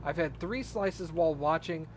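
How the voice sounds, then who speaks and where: A man's voice: fairly high pitch, moderate pace, slight background noise. A man streaming a game, chatting casually and laughing his way through a story. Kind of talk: casual chat while gaming.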